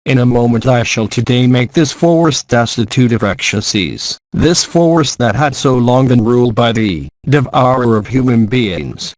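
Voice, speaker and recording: A proud, mighty young warrior boasting of his strength in old-fashioned, declamatory speech, as a man reads him aloud. The voice sits at an ordinary male pitch. It is recorded dry and close. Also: expressive, normal speed, few pauses, no room sound, lightly acted. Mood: boastful. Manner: archaic, declamatory.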